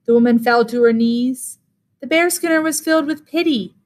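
A teacher reading a fairy tale aloud in a measured, expressive way. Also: female voice, sits high.

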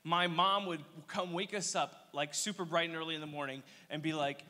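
A young man preaching a casual youth sermon, telling energetic, slangy stories with playful asides. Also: a little high, moderate pace. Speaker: youth pastor. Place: church hall. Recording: long reverb of a church hall.

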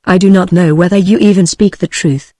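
A woman's voice: fairly low pitch, brisk, no echo, clean studio sound, close to an everyday voice. Brief: distraught old mother, British female TTS reader, level delivery, no acting. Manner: flat, level synthetic delivery. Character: frantic old peasant mother.

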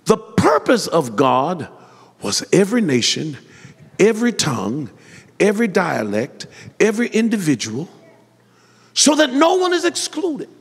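Hollering preacher, wide-ranging pitch. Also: male voice, wildly swooping pitch, a little slow, gravelly, long pauses, slightly rough. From Detroit. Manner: preaching in rising, hollering build-ups with call-and-response. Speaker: pastor. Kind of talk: sermon. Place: church sanctuary. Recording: reverberant church hall.

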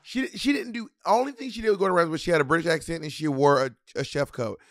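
A man's voice: on the high side, fast, a bit bright, dry recording, clean studio sound. A man co-hosting a casual podcast review of a TV show, rambling and acting out quoted voices. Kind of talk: casual chat.

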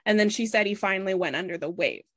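A woman's voice: medium pitch, expressive, quick pace, fairly bright tone, dry recording. A woman hosting a podcast, narrating historical stories in a chatty way with many fillers. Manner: chatty, laughs and explains with lots of fillers. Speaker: podcast host. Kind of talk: casual chat and story narration.

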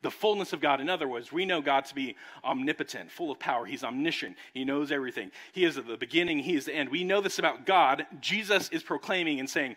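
Pastor guy giving a sermon, easygoing, keeps saying okay, bright voice. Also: fairly high pitch, fast talker, hardly any pauses. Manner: conversational, often adds "okay?". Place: church sanctuary.

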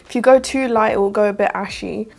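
A woman's voice: medium pitch, quick pace, vocal fry. A British woman giving a candid, chatty beauty product review, often filling with "like". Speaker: beauty vlogger. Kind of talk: casual product review to camera.

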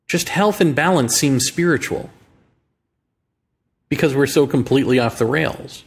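A man's voice: mid-range voice, vocal fry, breathy edge. Musing American man hosting a monologue. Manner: musing, rhetorical questions, slow deliberate phrasing. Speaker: podcast host. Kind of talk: reflective monologue on politics and spirituality.

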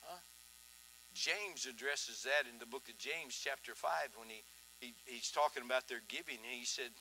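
A man preaching a sermon in a church, telling stories in an animated way that swings from hushed to loud. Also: medium pitch, normal speed, slight background noise. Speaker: pastor. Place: church sanctuary.

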